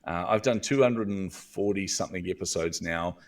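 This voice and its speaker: A man's voice: low voice, normal speed, distant mic. A man with a New Zealand accent, a guest coach telling stories earnestly in a podcast interview. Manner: earnest, animated storyteller.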